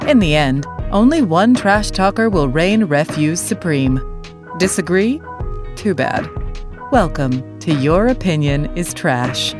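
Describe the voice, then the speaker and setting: A woman's voice: on the low side, animated, slow pace. A woman reading a scripted podcast intro with a punchy, mock-grand delivery. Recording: voice over loud music.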